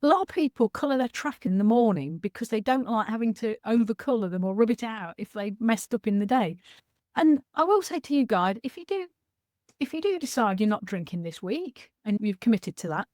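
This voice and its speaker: A woman in her sixties with a fairly high voice, speaking over a video call in a chatty, frank and animated way. The sound is dry and close, with no room around her. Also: moderate pace, no echo. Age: 60s. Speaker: sobriety coach speaker. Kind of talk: casual talk on a video call.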